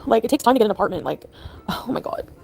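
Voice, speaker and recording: A woman's voice: mid-range voice, animated, racing, vocal fry, a little mellow, faint music behind. A woman talking in a casual live chat, upset and rambling with lots of "like"s. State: distressed. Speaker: livestreamer.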